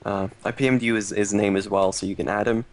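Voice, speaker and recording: A man's voice: lowish voice, steady tone, fast talker. A man co-hosting a charity stream over a voice call, upbeat and coaxing, thanking donors and passing on news. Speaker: stream co-host reading donations. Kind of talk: casual chat on a voice call.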